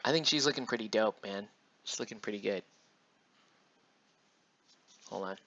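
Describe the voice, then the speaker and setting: Chill guy rambling on his stream while painting minis, bright punchy voice, kinda muffled lo-fi audio. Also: on the low side, normal speed. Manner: laid-back, rambling, slangy. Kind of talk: casual live-stream chat.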